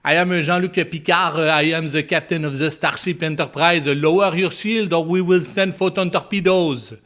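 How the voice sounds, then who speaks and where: A man's voice: a little high, steady tone, moderate pace, fairly bright tone, natural voice. Man doing Jean-Luc Picard with a French accent. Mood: commanding. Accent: put-on French. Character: stern male starship captain, French accent.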